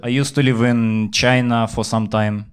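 Deadpan Ukrainian stand-up comic. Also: male voice, medium pitch, unhurried, clear, resonant tone. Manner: deadpan, blunt, swears freely. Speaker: stand-up comedian. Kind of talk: stand-up comedy set.

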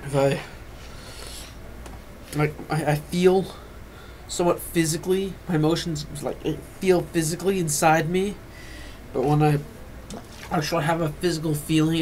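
A teenage boy speaks to camera in an emotional, confessional vlog. His voice sits a bit high, and his sentences keep stopping and restarting as he rambles. A faint background hiss runs under the recording. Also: fairly even intonation, moderate pace, pauses often, darkish tone, rough recording. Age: teens. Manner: rambling and earnest, with frequent restarts and trailing off; emotional, fighting back tears at times. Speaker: vlogger.

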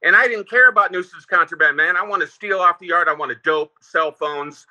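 A man with a sharp, bright voice pitched a little high recalls his years as a prison lieutenant. He wanders through his stories with fillers and restarts, and the audio sounds dull and lo-fi. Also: fairly quick. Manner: relaxed, rambling with restarts and fillers. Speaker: former prison lieutenant, guest. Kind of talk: casual interview storytelling.

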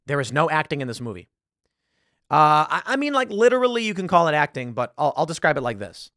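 A man's voice: fairly high pitch, very animated, quick pace, bright, forceful tone, no echo, clean studio sound. A man hosting a casual talk show, rambling about films while searching online and acting out lines. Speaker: podcast host. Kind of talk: casual commentary.

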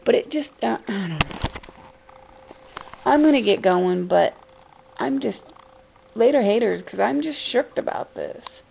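A woman's voice: a little high, animated, a little slow, vocal fry, pauses often, dark tone, slight background noise, low-quality recording. A woman vlogger talking in an upset, profane rant, shocked and ranting. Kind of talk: emotional vlog rant.

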